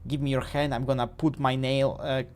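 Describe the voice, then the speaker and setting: A man's voice: mid-range voice, level tone, brisk, a little mellow, slight background noise, lightly acted. A man voicing his demanding, pampered female house cat. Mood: bossy. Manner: bossy, demanding.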